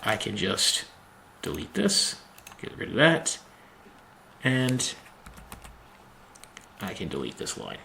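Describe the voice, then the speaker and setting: Male instructor, lowish gravelly voice, unhurried step-by-step CAD walkthrough, faint hiss and keyboard clicks behind. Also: bright, forceful tone. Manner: slow, methodical, thinking aloud with many ums. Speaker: machining instructor. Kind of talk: screen-recorded software tutorial.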